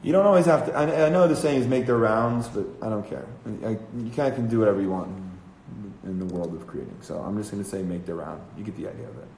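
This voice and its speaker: A male musician writing a song on a livestream. He mutters his ideas softly, letting phrases trail off, then sings trial lines. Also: on the low side, fast, creaky, few pauses, reverberant, a little hiss or hum, rough recording. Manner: soft, trailing speech between sung phrases. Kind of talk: songwriting livestream, thinking aloud.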